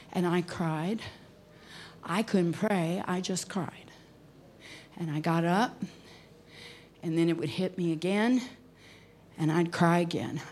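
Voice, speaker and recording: A woman preacher telling a personal story in a sermon, emotional and at times dropping to near whispers. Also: lowish voice. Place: conference hall.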